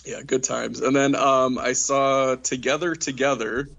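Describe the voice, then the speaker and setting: A man co-hosting a podcast in casual chat, rambling with many fillers and quick giggles. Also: mid-range voice, little pitch movement, gravelly, fairly bright tone, muffled recording. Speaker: podcast co-host.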